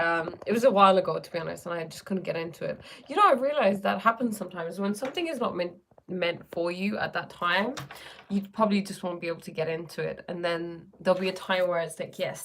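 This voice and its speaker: A woman's voice: on the low side, fairly bright tone, slight background noise. A woman chatting casually on a livestream, rambling with many fillers and reading viewer comments aloud. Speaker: livestream host.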